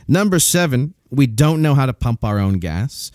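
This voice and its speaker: Give me an animated New man co-hosting a podcast. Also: medium pitch, moderate pace, no room sound, clean studio sound. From New Jersey. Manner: animated, joking, swears freely. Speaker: podcast co-host. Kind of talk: casual podcast banter. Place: recording studio. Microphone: studio microphone.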